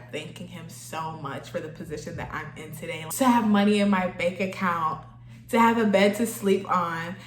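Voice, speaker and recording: A young woman chatting casually while getting ready, laughing often and getting emotional, close to tears. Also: medium pitch. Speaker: vlogger. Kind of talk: casual get-ready-with-me chat. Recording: echoey room.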